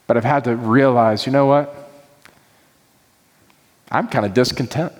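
A man preaching a sermon from the front of a church sanctuary. His delivery is earnest and pleading, with prayerful passages spoken from the heart. His voice sits at an ordinary pitch and carries a long hall reverb. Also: fairly even intonation, measured pace. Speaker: pastor.

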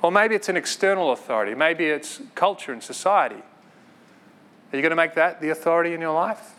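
A man preaching a sermon in an earnest, conversational way, with quick asides and light laughs. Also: on the high side, animated, a bit bright.

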